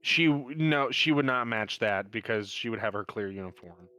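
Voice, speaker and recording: A man running a tabletop game as game master, explaining details in a relaxed, slightly scattered way. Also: medium pitch, normal speed, clear, resonant tone, no echo.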